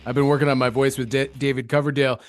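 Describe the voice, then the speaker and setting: A man's voice: medium pitch, little pitch movement, rapid-fire, soft background music. A man co-hosting a comedic wrestling podcast, playing up words with mock-grand, hammy emphasis. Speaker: co-host.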